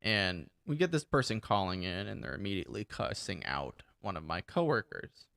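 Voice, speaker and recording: A young man co-hosts a podcast with a gravelly, bright voice. He tells his work stories with big swings in pitch, acting out what people said and laughing often. The sound is close and dry. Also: moderate pace, no echo. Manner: animated storyteller acting out quotes, laughing often. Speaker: podcast co-host. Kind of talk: casual chat, storytelling.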